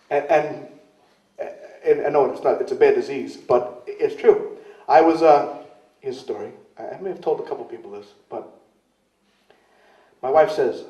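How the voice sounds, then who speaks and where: A man's voice: on the high side, sing-song, moderate pace, pauses often, dark tone. Rambling man, distant in a roomy club. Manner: rambling, self-deprecating, acts out quoted voices. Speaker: interviewee, wrestler. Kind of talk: casual storytelling interview. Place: club in London. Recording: roomy, distant, dull lo-fi camcorder sound.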